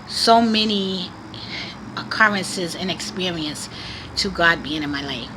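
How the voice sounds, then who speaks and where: A woman's voice: on the low side, a little slow, background noise. A woman vlogger earnestly sharing a religious testimony in casual, preachy talk, repeating phrases for emphasis. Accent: Boston area.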